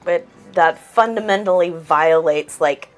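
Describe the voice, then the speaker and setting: A woman's voice: on the low side, measured pace, faint music behind. A woman chatting casually on a livestream, chiming in agreeably and adding her own view.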